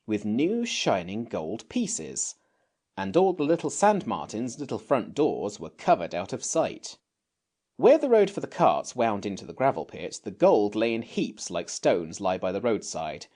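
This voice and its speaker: A man narrating a classic children's novel as an audiobook, in an expressive storytelling manner. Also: fairly low pitch. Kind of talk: scripted narration.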